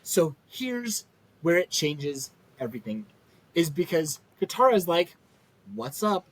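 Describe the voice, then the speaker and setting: A woman's voice: on the low side, big pitch swings, unhurried, rough recording. A woman co-hosting a casual show recap, ranting heatedly, swearing a lot and laughing often. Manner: acts out characters' lines in a mocking tone. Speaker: podcast co-host.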